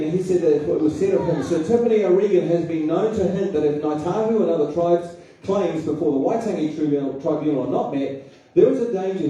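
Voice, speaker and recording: Captured from afar in a very echoey public hall, this public speaker from New Zealand is giving a political seminar, forceful in tone and quizzing the audience with rhetorical questions. His voice is mellow and sits on the high side.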